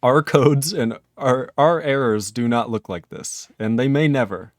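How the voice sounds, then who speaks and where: A man's voice: medium pitch, measured pace, no room sound, studio quality. Chuckling man thinking aloud while coding. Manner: thinks aloud, chuckles often, chats with viewers. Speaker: programming live streamer. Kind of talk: casual live-coding stream talk.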